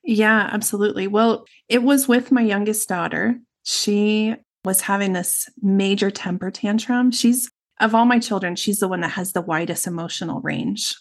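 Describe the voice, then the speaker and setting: A woman's voice: medium pitch, normal speed. A middle-aged woman, a guest in an interview, telling a personal story in a reflective, earnest way and speaking in long runs.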